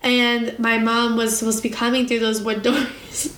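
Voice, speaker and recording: A woman's voice: a little high, flat delivery, moderate pace, fairly bright tone. A woman in her twenties co-hosting a podcast, telling stories in chatty, giggly casual talk. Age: 20s. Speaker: podcast co-host. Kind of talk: casual chat. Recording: echoey room, faint noise.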